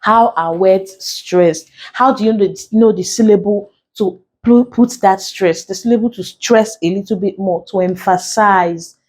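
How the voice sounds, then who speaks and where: Nigerian lady tutor going over word stress for an exam, slow and careful, says key words twice, mid pitch. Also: darkish tone. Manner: explains slowly, repeats key terms, counts syllables aloud. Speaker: English tutor. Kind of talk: exam prep lesson.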